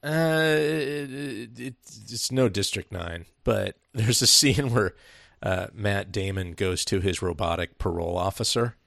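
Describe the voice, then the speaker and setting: A man's voice: fairly low pitch, measured pace, creaky, hardly any pauses, fairly bright tone, no echo, clean studio sound. A man co-hosting a film podcast, talking in a laid-back way with many fillers and frequent laughs. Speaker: podcast co-host. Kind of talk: casual film review chat.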